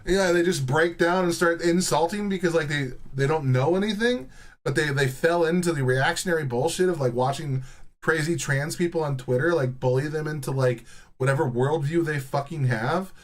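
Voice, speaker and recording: A man's voice: on the high side, normal speed. A man ranting casually and profanely while reacting to clips, often mocking people in put-on voices. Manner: heated, swearing, mocking impressions.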